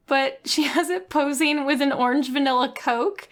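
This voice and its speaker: A woman giving comedic commentary, reading passages aloud with dry, deadpan humor. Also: sits high, normal speed, hardly any pauses. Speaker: video essayist.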